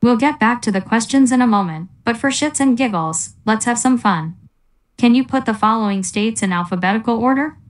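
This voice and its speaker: A fairly high-pitched woman reads mock interview questions in flat, scripted sarcasm. Her delivery stays deadpan throughout. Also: a little fast. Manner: deadpan, mocking. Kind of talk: scripted satirical narration.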